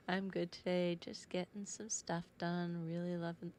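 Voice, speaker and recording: Woman, low voice, slow pace, chatty live-stream painter, greets viewers. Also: a little mellow, slight background noise. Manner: chatty, greets viewers and talks to her cat. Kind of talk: casual live-stream chat.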